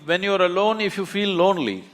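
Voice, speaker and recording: A man's voice: sits high, big pitch swings, a little fast, a bit bright, a little hiss or hum. A man, a spiritual teacher speaking emphatically onstage, often laughing as he tells stories. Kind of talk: onstage conversation. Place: large auditorium.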